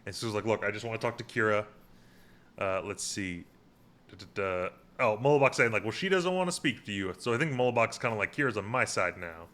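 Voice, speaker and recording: Bright-voiced man recapping an episode. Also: fairly low pitch, a little fast. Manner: recaps scenes by paraphrasing lines, many fillers and "like". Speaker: podcast co-host recapping an episode. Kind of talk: casual chat.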